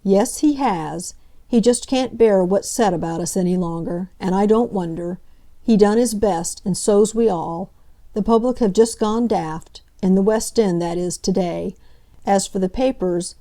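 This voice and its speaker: Woman reading young male policeman, rueful, colloquial, apologetic, mellow tone. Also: mid-range voice, a little slow, natural voice.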